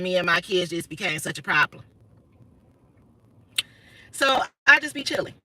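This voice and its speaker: A woman's voice: mid-range voice, sharp tone, rough recording. A woman, talking bluntly and profanely through a casual livestream monologue. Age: 30s. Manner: blunt, profane, emphatic storytelling. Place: inside a car.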